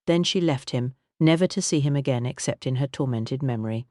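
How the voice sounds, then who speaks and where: A man reading an audiobook in a measured, wry storytelling manner. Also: medium pitch, mellow, no room sound, studio quality. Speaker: audiobook narrator. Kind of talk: scripted narration.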